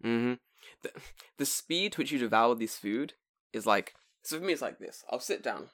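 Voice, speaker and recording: Animated man in casual podcast chat. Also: moderate pace, no echo, studio quality. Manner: animated storyteller, swears freely, jumps into high mock voices when quoting himself. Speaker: podcast co-host.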